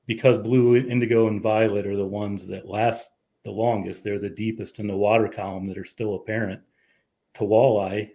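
A man who works as a fisheries administrator, a podcast guest explaining research in a measured way. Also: on the low side, dark tone. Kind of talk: casual chat.

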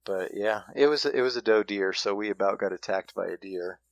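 A man with a very low voice tells a story in a loose, halting way, often restarting his sentences. The sound is close and dry, with no room around it. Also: vocal fry, no echo, low-quality recording. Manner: halting, with frequent restarts and fillers. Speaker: hunting guest telling a story. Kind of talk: casual storytelling.

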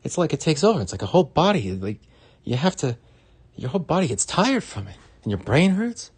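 A man doing a frantic, high-pitched comic. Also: very animated, breathy edge. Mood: exasperated. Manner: fast, loud, high-pitched rant. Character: frantic high-voiced male stand-up comic.

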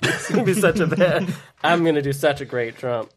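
A man's voice: fairly high pitch, animated, fairly quick, a little hiss or hum. Flustered giggling man improvising. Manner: flustered, giggling, mock-sings off-key. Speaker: comedy podcast improviser. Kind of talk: improvised comedy game.

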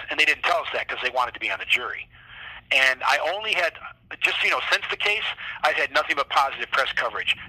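A man's voice: mid-range voice, sharp tone, poor audio. A man talking as an interview guest, telling his story with animation, acting out what others said and swearing freely. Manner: acts out what others said to him. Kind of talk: casual interview.

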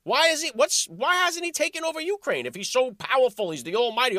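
Host, male, high voice, sarcastic and animated monologue, dry close mic. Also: a little fast, hardly any pauses, no echo. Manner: animated, sarcastic, rhetorical questions. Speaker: podcast host. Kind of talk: political commentary monologue.

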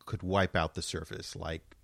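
A man chatting casually about a movie, talking slowly and laughing often. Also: low voice, level tone, gravelly, fairly bright tone, dry recording. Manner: slow, drawn-out, laughs a lot. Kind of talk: casual podcast movie chat.

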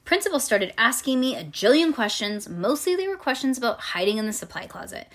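Woman reading a children's book aloud. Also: fairly high pitch. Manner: lively, pauses to explain to the child. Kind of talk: storybook read-aloud.

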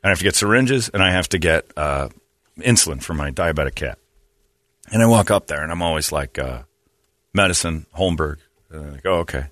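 Lively, bright-voiced man in his fifties. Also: rumbling low, fast, dry recording. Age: 50s. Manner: rambling, self-mocking storytelling. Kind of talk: casual comedic chat.

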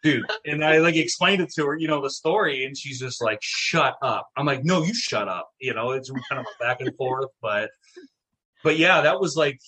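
A middle-aged man telling a story in casual chat, animated and swearing, acting out what people said. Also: mid-range voice, normal speed, husky. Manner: animated, swearing, acts out quotes. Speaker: guest, town mayor.

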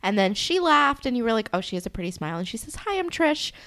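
A woman's voice: medium pitch, lively intonation, rapid-fire, fairly bright tone. A young woman co-hosting a casual podcast, telling a made-up story in a rambling, jokey way full of "like". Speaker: podcast co-host.

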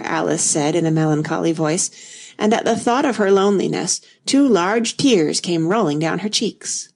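A woman reading a classic storybook aloud in an even, unhurried narration. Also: on the low side, gravelly.

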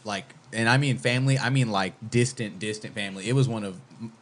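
A man's voice: on the low side, quick pace. A young man co-hosting a podcast in casual chat, telling stories with heavy swearing and acting out his own texts. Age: young adult. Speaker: podcast co-host.

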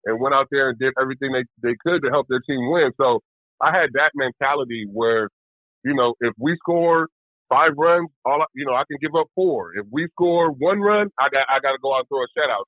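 A retired pitcher in his forties, a man talking candidly and loosely in a casual interview, with lots of fillers. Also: brisk, dry recording. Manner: relaxed, candid, rambling with fillers. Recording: tinny phone-like line.

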